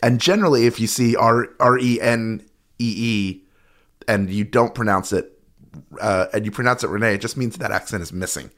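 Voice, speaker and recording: A man's voice: on the low side, moderate pace, a bit bright. Wry male podcast co-host, casual chat, fussy about pronunciation.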